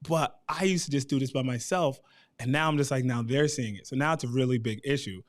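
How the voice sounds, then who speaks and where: A man in his thirties telling a personal story at a community town hall, animated and acting out what people said. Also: medium pitch, a little fast. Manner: animated, acts out quotes.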